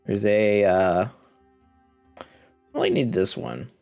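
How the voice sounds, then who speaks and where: A man's voice: lowish voice, huge pitch swings, slow, vocal fry, darkish tone, faint music behind. A congested man casually commenting on his game as he plays, thinking aloud and chuckling. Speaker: gaming video host.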